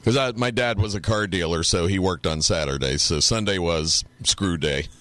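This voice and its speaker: A man's voice: deep voice, normal speed, no echo. A middle-aged man co-hosting a podcast, telling crude stories in casual chat and acting out quotes. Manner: crude, animated storytelling with acted quotes. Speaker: podcast co-host.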